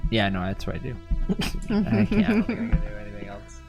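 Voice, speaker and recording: A man's voice: medium pitch, big pitch swings, normal speed, lo-fi sound, over music. A man playing a tabletop game, trading jokes and playful banter. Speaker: player. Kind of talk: casual tabletop play.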